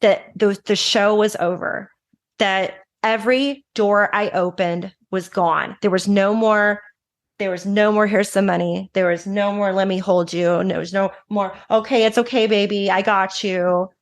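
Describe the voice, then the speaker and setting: A woman in her thirties, a recovery advocate, telling her story frankly and emotionally in quick bursts with restarts. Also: mid-range voice, steady tone. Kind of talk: candid personal storytelling.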